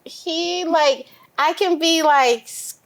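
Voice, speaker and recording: High-voiced playful woman telling stories. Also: takes it slowly, crowd noise, poor audio. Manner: playful storyteller, acts out quotes. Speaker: podcast co-host. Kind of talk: casual chat.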